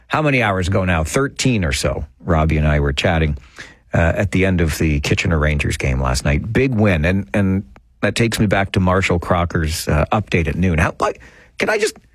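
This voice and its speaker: Chatty radio host, dry studio. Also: male voice, deep voice, sing-song, brisk, no echo. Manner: chatty, self-deprecating, joking. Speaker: radio talk show host. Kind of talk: casual call-in radio chat. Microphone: studio microphone.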